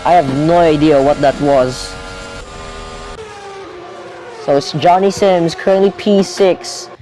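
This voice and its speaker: A young man commentating a video game race live, rambling and correcting himself, getting excitable when cars crash out. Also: on the high side, normal speed, a little hiss or hum, poor audio.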